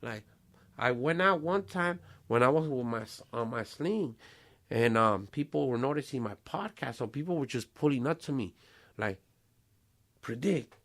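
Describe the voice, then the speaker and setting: A man in his forties hosts a casual podcast conversation. He talks in loose street slang, drops Spanish phrases and swears freely, in a middle-pitched voice. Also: animated, moderate pace, fairly bright tone. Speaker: podcast host.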